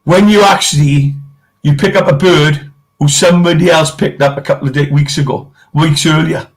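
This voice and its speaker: High-voiced, boisterous English man. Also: steady tone, normal speed. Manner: swearing, boisterous storytelling. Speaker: co-host. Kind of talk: casual chat.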